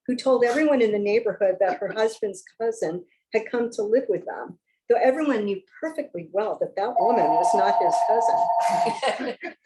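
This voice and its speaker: A woman's voice: mid-range voice, mellow, a little hiss or hum, poor audio. Woman giving a wry fiction reading. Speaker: author reading her fiction.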